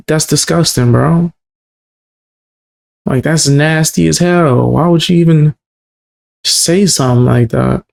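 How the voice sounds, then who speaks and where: A man's voice: a little high, slow, gravelly, long pauses, darkish tone. A man hosting a casual reaction commentary, blunt and incredulous about what he hears. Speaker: commentary host.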